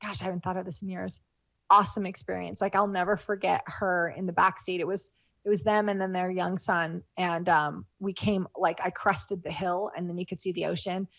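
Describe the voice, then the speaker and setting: A woman's voice: on the low side, flat delivery, fairly quick, gravelly, a bit bright, dry recording. A middle-aged woman telling stories as a guest in an interview. She rambles, with many fillers and restarts, and is moved to tears as she talks. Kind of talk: casual interview talk.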